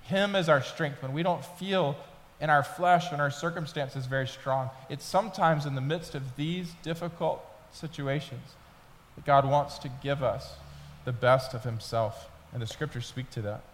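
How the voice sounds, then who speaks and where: A man's voice: fairly high pitch, normal speed, a little hiss or hum. Pastor, male, 30s; conversational storyteller who builds to urgency; church hall reverb. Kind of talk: sermon. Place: church sanctuary.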